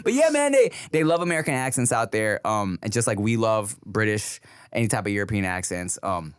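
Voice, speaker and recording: A man hosting a casual podcast, telling animated stories and slipping into accents. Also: lowish voice, brisk, clean tone, no room sound, studio quality. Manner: animated storyteller who slips into accents. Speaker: podcast host.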